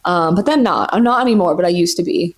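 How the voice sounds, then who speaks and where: This podcast host talks fast in a lowish voice, a woman in her twenties doing a laid-back solo show from her floor at home. She's chatty and profane, with plenty of "like" fillers throughout.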